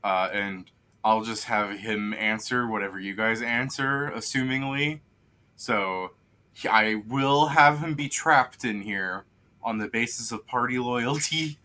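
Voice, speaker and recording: A man's voice: mid-range voice, measured pace, sharp tone. A man narrating a tabletop game as game master, rambling and hesitant with many fillers.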